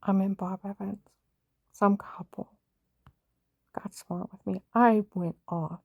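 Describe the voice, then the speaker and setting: A woman's voice: medium pitch, steady tone, takes it slowly, vocal fry, husky, no room sound, narrow, tinny audio. An older woman giving an urgent, rambling personal account of her own experiences. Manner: intense, urgent storytelling. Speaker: vlogger telling her own story.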